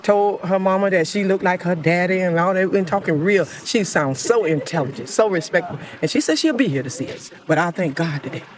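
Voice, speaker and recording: A woman's voice: fairly low pitch, a little fast, few pauses. An older grandmother, out of breath and joyfully thanking God over and over.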